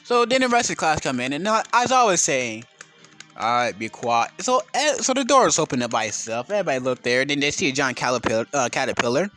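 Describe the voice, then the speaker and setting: A man's voice: a little high, lively intonation, fast talker, few pauses, pushed and bright, faint music behind. A man casually telling a made-up fan story, rambling with slang, swearing and constant self-corrections.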